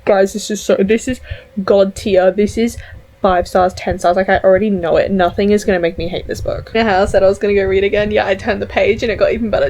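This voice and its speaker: A young woman talking to her camera at home in a casual reading vlog, excitable and gushing, swearing casually. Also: medium pitch, brisk, rough recording. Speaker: book vlogger. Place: at home indoors. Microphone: camera mic.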